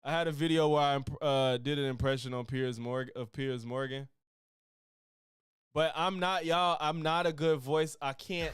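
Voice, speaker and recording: A man streaming a casual reaction to a podcast, animated, thinking aloud and using a lot of slang. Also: on the high side, clear, resonant tone, no echo, clean studio sound.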